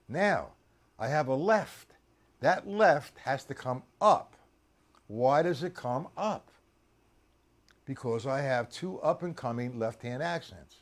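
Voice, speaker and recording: A man teaching a drum lesson on a live stream, quizzing and teasing his students by name. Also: medium pitch.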